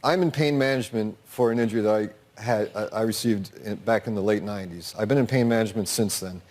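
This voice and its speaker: A man's voice: fairly low pitch, quick pace, darkish tone. A middle-aged man, a guest on a talk show, speaking in an agitated, stammering way as he recounts his son's death. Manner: agitated, stammering, acts out others' words. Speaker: grieving father, guest.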